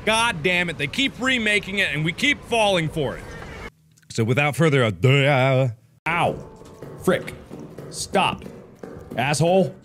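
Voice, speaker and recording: A man in his thirties commentating on his own gameplay in a goofy, animated way, with sudden bursts of yelling. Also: fairly high pitch, measured pace, pauses often, soft background music. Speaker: gaming video host.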